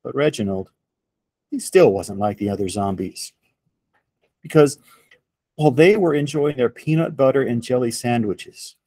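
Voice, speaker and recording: A man reading a picture book aloud to children in an expressive storytelling voice. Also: mid-range voice, dry recording. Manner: slow, expressive read-aloud.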